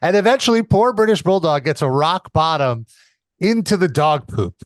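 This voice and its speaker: A man's voice: a little high, expressive, moderate pace, dry recording, studio quality. A man hosting a casual podcast, recapping an old episode in an explanatory way, with frequent fillers and some somber asides. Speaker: podcast host reviewing wrestling episodes.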